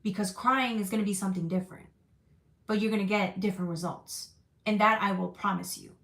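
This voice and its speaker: A woman giving a live tarot reading in a casual, comforting way, reading out viewer comments between cards. Her voice sits in a middle pitch. The room has a noticeable echo. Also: steady tone, fairly quick, fairly bright tone. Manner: casual, reassuring, reads chat comments aloud. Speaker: tarot reader.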